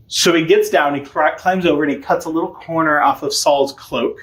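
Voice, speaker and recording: A man teaching a catechism class, retelling a story in a chatty, informal, animated way. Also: a little high, a little fast, few pauses. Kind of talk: casual storytelling lesson.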